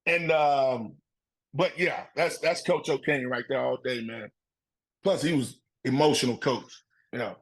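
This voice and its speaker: Husky-voiced man telling lively stories. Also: medium pitch, measured pace, low-quality recording. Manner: animated storyteller, acts out coaches' voices, laughs often. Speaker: former football player, guest. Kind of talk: casual storytelling interview.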